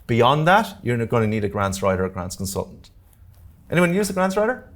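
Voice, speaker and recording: A man with an Irish accent presenting a live workshop to a room, talking quickly and jokily and often checking in with "okay?" and "all right?". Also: mid-range voice, big pitch swings. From Ireland. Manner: fast-talking, jokey, keeps checking in with the audience. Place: community centre meeting room.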